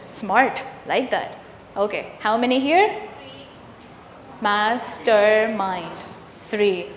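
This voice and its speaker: A woman's voice: medium pitch, drawn-out words, slight background noise. A woman leading an interactive teacher training workshop, asking the room questions and confirming their answers. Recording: echoey room with long reverb.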